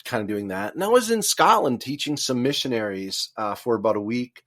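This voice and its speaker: Man, guest author, casual interview chat, middle pitch, rambling, many fillers. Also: animated, brisk, fairly bright tone.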